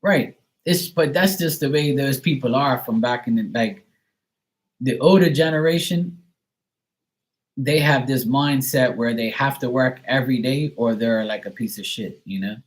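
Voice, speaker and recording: A man's voice: mid-range voice, moderate pace, rough recording. Rambling sarcastic man chatting live. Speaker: live stream host reading chat. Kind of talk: casual chat.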